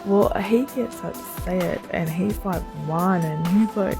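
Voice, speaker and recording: Slow, gravelly low-voiced woman rambling. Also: dark tone, faint music behind. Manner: rambling, full of "like" and "you know"; laughs as she tells it. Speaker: storyteller. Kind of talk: casual spoken storytelling.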